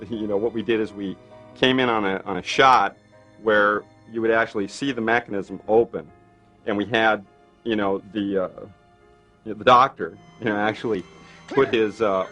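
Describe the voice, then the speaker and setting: A man with a fairly low voice tells a behind-the-scenes story in a lively, chatty way, scattering "you know" and "right?" through his sentences. Faint music plays beneath him. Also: normal speed. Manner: animated storyteller, acts out others' lines, many fillers. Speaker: special makeup effects artist. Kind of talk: interview anecdote.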